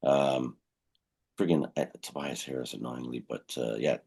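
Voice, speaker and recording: A man with a very deep, gravelly, husky voice co-hosts a casual sports fan podcast. He speaks at a normal pace in a steady, darkish tone, rambling with fillers and self-corrections.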